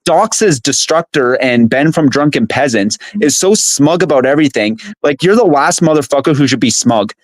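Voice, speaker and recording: A man's voice: a little high, animated, moderate pace, few pauses, no room sound. A man hosting a live stream, venting at length with casual swearing. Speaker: streamer host. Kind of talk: profane drama stream commentary.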